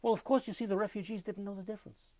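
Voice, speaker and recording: An older man giving an oral history interview, telling lively anecdotes and mimicking music with his voice. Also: sits high, racing, dry recording.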